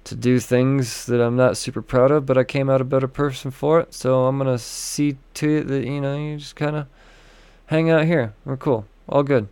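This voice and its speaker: A man voicing a kindly older woman in a comic story, talking in a gentle, folksy, reassuring way. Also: medium pitch, fairly even intonation, normal speed, smooth, no echo, close to an everyday voice. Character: kindly older woman who took in a runaway.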